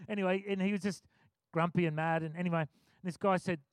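A man preaching a sermon, telling a story with animated acted-out quotes. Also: high voice, fast, no room sound. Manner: animated, acts out quotes, chuckles often.

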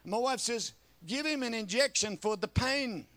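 A man's voice: very high-pitched, lively intonation, normal speed, a bit bright. An older man preaching a sermon, telling folksy stories and calling for amens. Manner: folksy storytelling with calls for amen. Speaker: pastor.

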